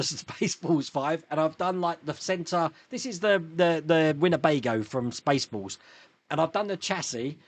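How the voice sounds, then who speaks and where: A man's voice: fairly high pitch, no echo. A man hosting a casual live stream, chatting and reading viewer comments with frequent chuckles and restarts.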